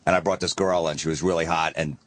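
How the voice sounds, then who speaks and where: A man telling a funny story in casual talk, with a deadpan buildup. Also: low-pitched, fast, no room sound.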